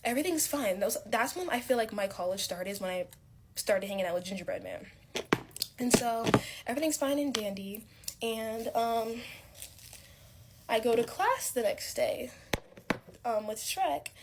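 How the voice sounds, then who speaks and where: A woman's voice: fairly high pitch, a little mellow, a little hiss or hum. A young woman telling a casual story-time tale about college friends in a rambling, filler-heavy way. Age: young adult.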